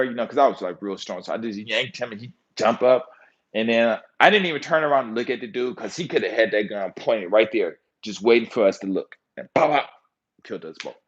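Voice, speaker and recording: A middle-aged man tells a story straight into the mic in a casual monologue, swearing freely and jumping into the voices and sound effects of the scene. His voice sits at an ordinary pitch for a man. The recording sounds a little dull and lo-fi. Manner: animated, profane, acts out quotes with sound effects. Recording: slightly dull lo-fi audio.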